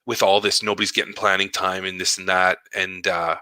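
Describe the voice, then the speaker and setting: A man's voice: low-pitched, a little fast, no room sound. A man who is an elementary school teacher, telling stories about his work in a casual podcast monologue and acting out conversations as he goes. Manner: animated storytelling, acting out conversations.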